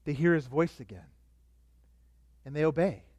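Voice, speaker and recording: Middle-aged pastor guy preaching, high voice, dry close sound, gets loud then real quiet. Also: moderate pace, no room sound. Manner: animated preaching, drops to soft asides, acts out quotes. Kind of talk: sermon.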